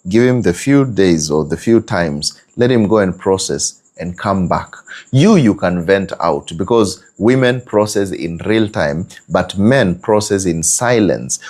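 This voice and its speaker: Low-voiced man teaching. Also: a little mellow. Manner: conversational, repeats and prods with hmm and eh. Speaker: relationship teacher. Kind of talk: relationship teaching.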